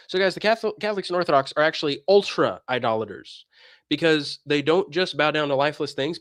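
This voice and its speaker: A man's voice: on the high side, a bit bright, dry recording, studio quality. A man giving impassioned religious commentary on a stream, combative and emphatic, firing off rhetorical questions.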